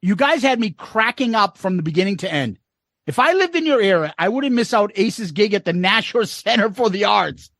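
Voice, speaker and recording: Male podcast co-host reading listener mail, lively up-and-down delivery, dry close sound. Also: high-pitched, normal speed, dry recording. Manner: reads comments aloud with wry asides. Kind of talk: casual podcast chat.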